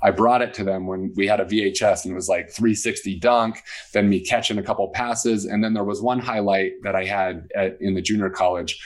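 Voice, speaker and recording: A man with a somewhat low voice tells a personal story to an interviewer. He talks casually and animatedly, stepping into the voices of the people he quotes. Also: fairly even intonation, brisk. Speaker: guest.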